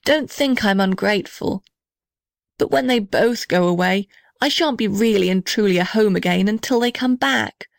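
A woman's voice: medium pitch, moderate pace, vocal fry, dry recording, clean studio sound, close to an everyday voice. A woman voicing a sulky young male house who sighs and pities himself. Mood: mournful. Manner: whiny, sighing, self-pitying.

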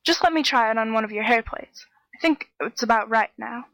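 A woman's voice: on the high side, fairly quick, fairly bright tone, no echo. A woman voicing a clever, cheeky young man in a storybook reading, in a raised, pert voice. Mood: coaxing. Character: clever young male hero, cheeky and bold.

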